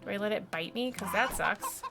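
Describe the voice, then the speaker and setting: A woman's voice: medium pitch, normal speed, vocal fry. Chatty woman streaming a game. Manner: chatty, talks to herself while playing. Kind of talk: casual let's-play commentary. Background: video game music.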